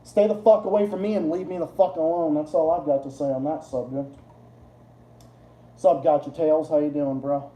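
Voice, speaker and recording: A man hosting a livestream, ranting in casual chat with lots of swearing and restarts, his voice jumping high whenever he gets worked up. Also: normal speed, echoey room, low-quality recording. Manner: profane, rambling rant with restarts; excitable, jumps high in pitch when worked up. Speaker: livestream host.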